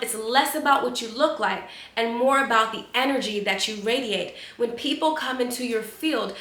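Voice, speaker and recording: A woman's voice: fairly high pitch, bright, forceful tone, echoey room. A woman spiritual coach giving an emphatic, preachy motivational talk with lots of repeated phrasing.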